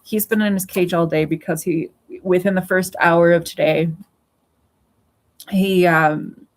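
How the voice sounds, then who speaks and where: A woman's voice: lowish voice, fairly even intonation, a little slow, low-quality recording. A woman in her forties rambling at home in a casual personal vlog, blunt and swearing freely. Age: 40s. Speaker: vlogger. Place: home with pets.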